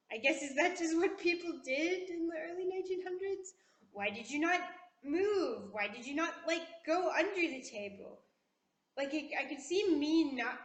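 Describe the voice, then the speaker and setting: Opinionated woman vlogger, classy put-on voice. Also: high voice. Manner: putting on a poised, classy-sounding voice; opinionated and animated. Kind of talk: casual chatty commentary. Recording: echoey room.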